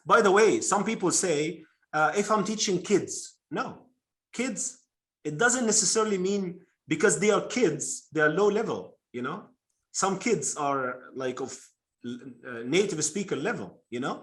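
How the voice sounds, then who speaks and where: A man runs a teaching workshop, explaining points one at a time and pausing to draw answers from his listeners. His voice sits fairly high for a man. He often slows right down to stress key words. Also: animated. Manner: explaining, eliciting answers from the audience. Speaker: English teacher trainer. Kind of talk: workshop presentation.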